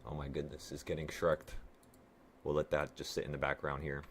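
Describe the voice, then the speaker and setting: A man who is sick, excitedly and profanely talking viewers through his live trades and cursing at himself. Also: rumbling low, normal speed, slight background noise. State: sick, voice affected by illness. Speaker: trading vlogger. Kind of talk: live trading commentary to viewers.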